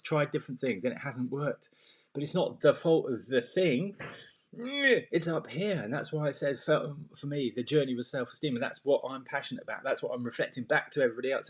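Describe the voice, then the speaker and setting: Bloke chatting to camera about self-esteem, lively and rambling, mid-pitched voice. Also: male voice. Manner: chatty and animated, breaks into playful put-on voices. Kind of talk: casual talk to camera.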